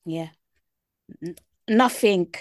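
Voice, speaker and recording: A woman co-hosting a podcast, giving quick, frank commentary in a casual chat. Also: on the low side, no echo, studio quality. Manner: fast, frank commentary on reality TV. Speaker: podcast co-host.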